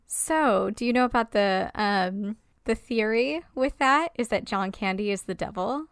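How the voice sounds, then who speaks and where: A woman co-hosting a podcast in casual film chat, animated, swearing freely and acting out quotes. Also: medium pitch, unhurried, clean tone, no room sound, clean studio sound. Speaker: podcast co-host.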